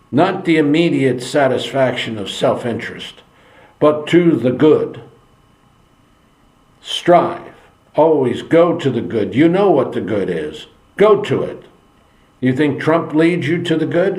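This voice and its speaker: A man's voice: mid-range voice, darkish tone. A man giving an earnest opinion monologue, preachy and repeating phrases for emphasis. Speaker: political commentary channel host. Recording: echoey room.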